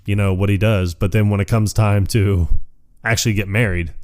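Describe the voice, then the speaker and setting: A man's voice: lowish voice, steady tone, moderate pace, darkish tone. A man hosting a podcast, retelling a movie in a rambling, casual way and acting out lines, laughing often. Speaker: podcast host. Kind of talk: casual movie recap chat.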